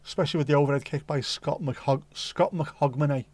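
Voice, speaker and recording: A man's voice: on the high side, fairly quick, a little mellow, no echo. A middle-aged man with a Liverpool accent, hosting a livestream and chatting casually to his live chat with jokey, rambling asides. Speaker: livestream host.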